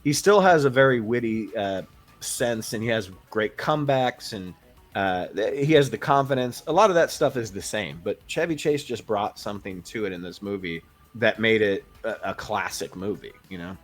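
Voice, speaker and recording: Low-voiced man chatting about films. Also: moderate pace, faint music behind. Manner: relaxed, rambling, many ums and uhs. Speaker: podcast co-host. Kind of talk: casual film review chat.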